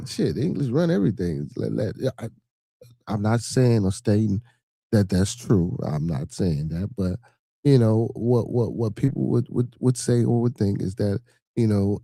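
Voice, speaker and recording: Male podcast host, low dark voice, dry close sound, loose profane livestream commentary. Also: animated, normal speed, vocal fry, dry recording. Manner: profane, repeats 'you know what I'm saying'; reads viewer comments and news aloud.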